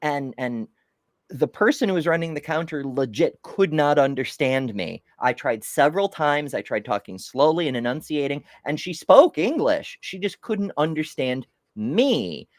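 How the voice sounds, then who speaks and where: Lively rambling woman podcast host. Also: deep voice, dry recording, studio quality. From United States. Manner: rambling, animated storyteller with frequent laughs. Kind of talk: casual chat.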